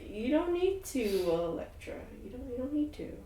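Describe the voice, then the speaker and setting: A woman doing an awkward, halting comforter. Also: sits high, very animated, far from the mic, slight background noise, voice pushed up. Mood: gentle, stiff. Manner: soft, halting, awkwardly soothing. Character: awkward, gruff woman softening to comfort a friend. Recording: echoey room, mic from afar.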